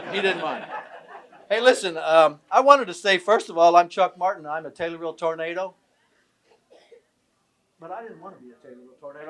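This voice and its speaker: A man's voice: high voice, a bit bright. An older man from southern Illinois giving a folksy, joking speech at a tribute event in an event room. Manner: folksy, joking, self-deprecating. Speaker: guest speaker at a tribute event. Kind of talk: after-dinner speech with jokes and stories.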